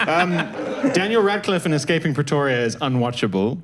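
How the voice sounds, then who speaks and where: A man co-hosting a live podcast, telling stories with a playful, mimicking flair. His voice sits slightly high and leaps around in lively swings. He speaks from a stage in front of a crowd. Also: normal speed. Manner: animated storytelling with playful mimicry. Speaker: podcast co-host. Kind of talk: live podcast comedy chat.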